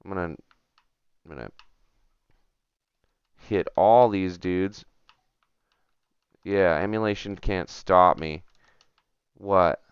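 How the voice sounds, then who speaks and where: Slow and pausing often, a man with a low, clear, resonant voice gives casual commentary while streaming a retro game. He chats to viewers and himself, getting frustrated and muttering along the way. No room sound comes through, though the recording is muffled.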